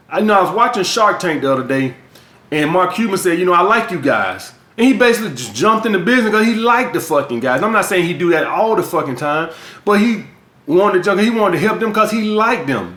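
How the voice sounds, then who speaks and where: A man's voice: high voice, a bit bright. A man from the US South with a Southern accent, giving blunt, profane dating and sales advice as a coach in a vlog monologue. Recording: echoey room.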